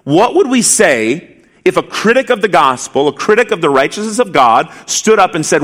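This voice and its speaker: Lively, emphatic male preacher. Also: high-pitched, normal speed. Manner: emphatic, repeats key phrases, rhetorical questions. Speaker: pastor. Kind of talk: expository sermon.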